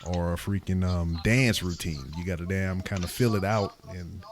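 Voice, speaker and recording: Deep-voiced man in casual podcast chat. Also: moderate pace, crowd noise. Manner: profane, animated storytelling. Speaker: podcast host.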